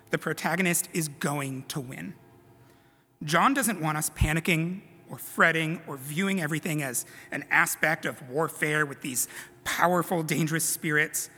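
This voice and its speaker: A man delivers a sermon to his congregation, slipping into conversational, self-deprecating asides. His voice sits a little high and sounds bright and forceful. Long reverb from the church sanctuary trails behind his words. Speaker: preacher.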